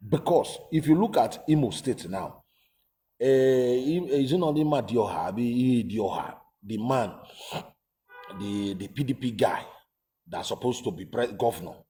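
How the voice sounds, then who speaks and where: Guy ranting about politics, warm low-key tone, keeps repeating himself. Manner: emphatic, repetitive, rhetorical questions. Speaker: commentator. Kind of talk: casual political commentary.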